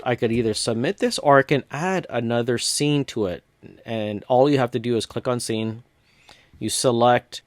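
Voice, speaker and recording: Man narrating a software walkthrough, dry sound. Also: mid-range voice, no echo. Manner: relaxed step-by-step narration with casual fillers. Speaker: software tutorial host. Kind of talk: screen-recorded software walkthrough.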